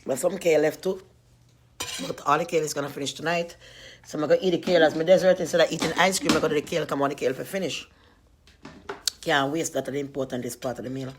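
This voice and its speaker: A woman's voice: sits low, steady tone, fast, slight background noise. Chatty woman live-streaming. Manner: chatty and playful, greeting viewers by name, laughing often. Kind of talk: casual live-stream chat while eating.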